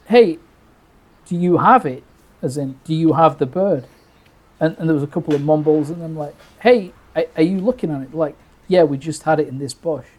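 A man from Britain telling a birding story casually, full of restarts and acted-out quotes. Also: on the high side. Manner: animated, restarts often, acts out quoted lines.

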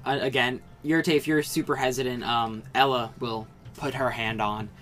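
A man running a tabletop game, narrating a scene in a relaxed, descriptive way and sometimes restarting his sentences. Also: mid-range voice, normal speed, soft background music. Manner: relaxed, descriptive, self-correcting. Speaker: game master.

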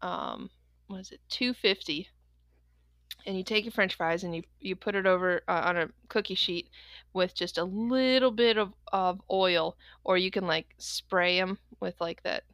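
A woman's voice: fairly low pitch, a little slow, fairly bright tone, no room sound. A woman co-hosting a podcast in casual chat, talking things through with plenty of fillers. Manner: chatty, explains things with lots of fillers. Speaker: podcast co-host.

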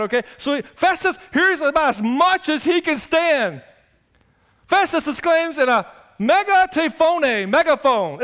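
A male pastor preaching a conversational sermon, swinging between loud exclamations and quiet asides. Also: sits high.

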